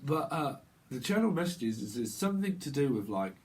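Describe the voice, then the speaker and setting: A man's voice: medium pitch, sing-song, fairly quick, a little mellow. A man reading tarot in a casual vlog, rambling and repeating words as he goes, while he has a cold. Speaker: tarot reader.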